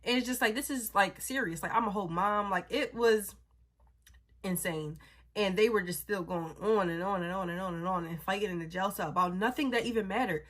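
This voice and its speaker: A woman, a mother, telling a story in a casual, animated and blunt way, swearing freely. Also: medium pitch, fairly quick.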